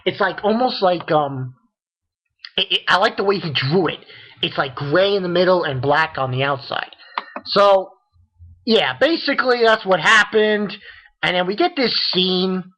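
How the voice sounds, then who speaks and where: Excitable rambling man, lo-fi recording. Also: sits high. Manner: rambling, excitable, lots of fillers and quoted character lines. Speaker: manga reviewer. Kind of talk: casual spoken review. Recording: dull lo-fi recording.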